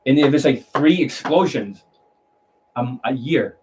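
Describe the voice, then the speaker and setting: Profane, mocking dating coach. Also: male voice, mid-range voice, lively intonation, a little slow, darkish tone, a little hiss or hum, rough recording. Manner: mimics voices to demonstrate. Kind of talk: coaching monologue.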